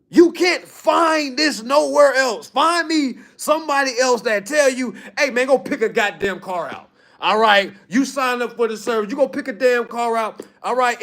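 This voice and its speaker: A man coaching his clients in a blunt, preachy talk, teasing them and asking "All right?" again and again. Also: very high-pitched. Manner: animated, mocking and laughing at his audience. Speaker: business coach addressing clients.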